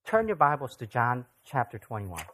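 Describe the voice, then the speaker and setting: Pastor, mid-pitched voice, relaxed sermon delivery, talks to the room with lots of rhetorical questions. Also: moderate pace. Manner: conversational, asks the audience rhetorical questions.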